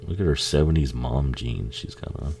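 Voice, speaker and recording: Very deep gravelly man, profane commentary. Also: normal speed, background noise. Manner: profane, laughing, jokey, talks back to the screen. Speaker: film commentary host. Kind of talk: casual movie commentary.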